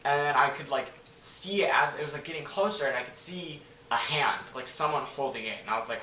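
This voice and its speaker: A man's voice: a little high, a little fast, hardly any pauses, pushed and bright. A man telling a story to camera in a casual, rambling way, full of "like" and swearing. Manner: rambling, filler-heavy, swears freely. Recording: echoey room, voice from a distance, faint noise.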